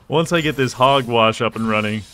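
A young man streaming a game, chatting casually with jokes and sudden excited exclamations as he plays. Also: mid-range voice. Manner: rambling, joking, bursts into excited exclamations. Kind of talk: casual live gameplay commentary.

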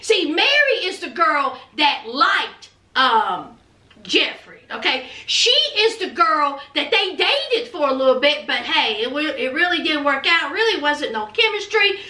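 A bright, high-pitched woman with a sassy, gossipy way of telling a story. She sounds off the mic, in a room with a lot of echo. Her delivery is animated. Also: a little slow, recorded from a distance. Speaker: reality show reviewer. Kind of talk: casual chat recap. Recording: roomy, off-mic.

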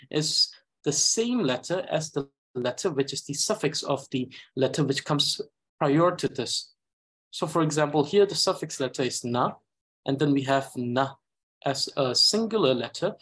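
A man with a Tibetan accent teaching a language reading lesson, talking slowly and carefully with frequent hesitations. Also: fairly high pitch, breathy edge. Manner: slow, careful, hesitant with many uhs. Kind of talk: slow reading lesson with explanation.

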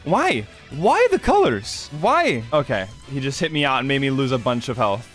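A man's voice: medium pitch, huge pitch swings, brisk, a bit bright, faint music behind. A young man giving casual game commentary, often puzzled and full of questions. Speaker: gaming YouTuber.

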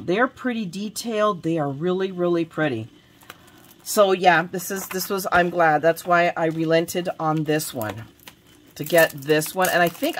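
Brief: woman craft vlogger, chatty, rambling, self-deprecating, filming herself at home. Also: on the low side. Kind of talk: casual show-and-tell of craft supplies.

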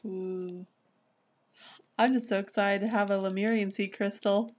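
Excitable woman gushing over a haul. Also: mid-range voice, a little fast, dull audio, slight background noise. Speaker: vlogger. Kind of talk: casual unboxing chat.

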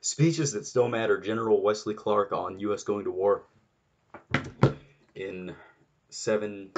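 A man's voice: lowish voice, fairly even intonation, unhurried, very noisy. A man giving an unscripted solo political rant, exasperated and sarcastic, swearing often and restarting his sentences. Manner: many restarts and fillers. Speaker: political commentator.

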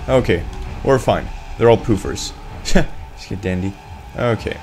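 A man's voice: lowish voice, a little slow, a little mellow, slight background noise. A young man giving jokey gameplay commentary as a let's play host, bursting into yelps and swearing and teasing the game monsters. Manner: talks to game monsters in mock voices.

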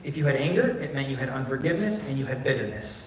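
A man's voice: medium pitch, lively intonation, quick pace, darkish tone, slight background noise. Man pastor preaching far off in a very echoey sanctuary. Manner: candid, conversational, many "like" fillers. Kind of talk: personal storytelling sermon. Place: church sanctuary. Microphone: phone recording from a distance. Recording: distant, very echoey phone stream of a church.

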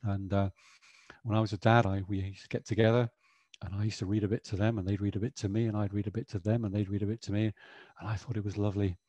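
A man's voice: on the low side, level tone, fast, warm tone, no echo, lo-fi sound. A middle-aged man presenting an educational webinar, chatty and explanatory, often saying "you know".

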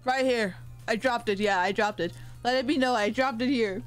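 A woman's voice: a little high, moderate pace, soft background music. A young woman streaming casually while she eats, joking, swearing now and then and thanking her chat. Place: home, eating on camera.

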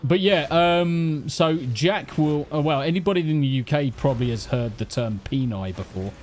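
A man's voice: a little high, moderate pace, darkish tone, a little hiss or hum. A man streaming a game, chatting casually, swearing and teasing while thanking viewers. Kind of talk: casual live-stream chat. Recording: faint music behind.

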